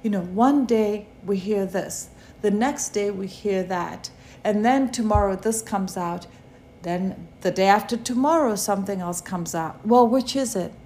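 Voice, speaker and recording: Slow-speaking woman preaching. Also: medium pitch, darkish tone, a little hiss or hum. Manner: slow, repetitive rhetorical preaching. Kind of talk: devotional sermon.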